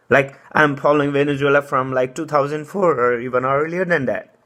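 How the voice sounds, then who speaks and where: A man's voice: medium pitch, normal speed, bright, forceful tone. A young man with giving a heated, rambling political monologue. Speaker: political commentator.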